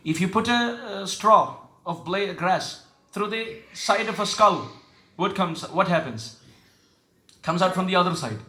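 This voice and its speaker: Male preacher with a high, bright voice; asks listeners questions, intones verses slowly; echoey hall. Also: expressive. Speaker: spiritual teacher. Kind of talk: devotional sermon with call and response.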